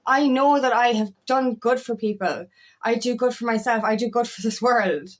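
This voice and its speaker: Woman in her thirties, life coach, casual monologue, blunt and sweary, fairly high voice. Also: normal speed. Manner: frank, swears freely, repeats herself. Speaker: feminine empowerment coach.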